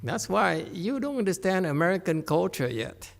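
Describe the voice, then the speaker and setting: A man's voice: sits high, big pitch swings, normal speed, creaky. Teasing man leading a meditation class. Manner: teasing, joking, asks the audience for agreement. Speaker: meditation teacher. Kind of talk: humorous dharma talk.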